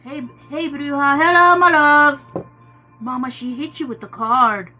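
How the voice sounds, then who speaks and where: A woman's voice: high-pitched, measured pace, sharp tone, soft background music. A woman hosting a live tarot stream, talking casually with viewers in a chatty, teasing way and calling them "my love.".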